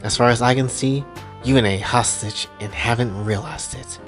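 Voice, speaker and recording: A man voicing a cold, scheming mother, speaking in quiet, contemptuous threats. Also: mid-range voice, fairly even intonation, normal speed, soft background music, natural voice.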